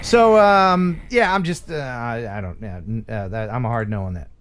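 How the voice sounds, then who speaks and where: A man's voice: mid-range voice, normal speed, fairly bright tone, clear, resonant tone. A man hosting a casual live stream, joking and rambling with his co-hosts. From United States. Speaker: livestream host.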